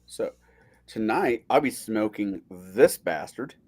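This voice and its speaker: A man chatting on a casual stream as a guest, telling animated stories and swearing freely. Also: fairly low pitch, slow pace. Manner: animated storyteller, swears a lot.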